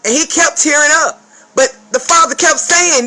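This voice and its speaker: A woman speaks as a spiritual advisor in a casual vlog rant, swearing a lot, speaking emphatically and repeatedly checking in with the viewer. Her voice is high-pitched, pushed and bright at normal speed, with faint background music and poor audio.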